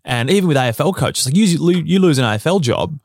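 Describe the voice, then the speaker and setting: A young Australian man on a casual podcast, telling lively stories, swearing freely and laughing often. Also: on the high side, fast, no room sound, studio quality. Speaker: podcast guest, former basketball player.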